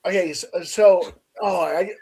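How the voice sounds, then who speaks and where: A man hosting a casual chat, telling a story in an animated way and acting out the voices of the people in it. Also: high-pitched, a little slow, breathy edge.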